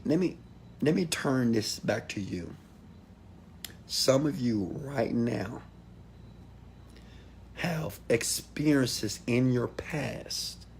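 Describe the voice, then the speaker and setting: A man giving a motivational talk to an audience, preachy and direct, swinging from loud calls to hushed asides. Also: medium pitch, creaky, slight background noise. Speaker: motivational speaker.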